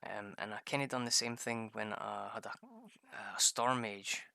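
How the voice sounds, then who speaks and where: Man, gravelly, bright edge, dry close sound, rambling profane gameplay chat. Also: fairly low pitch, steady tone, normal speed, no room sound. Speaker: gamer. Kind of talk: casual gameplay commentary.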